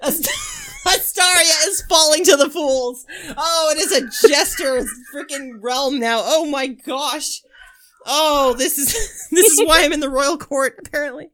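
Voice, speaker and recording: A young woman co-hosting a casual podcast chat, loud and rambling, breaking into laughter and silly voices. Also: high voice, a little slow. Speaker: podcast co-host.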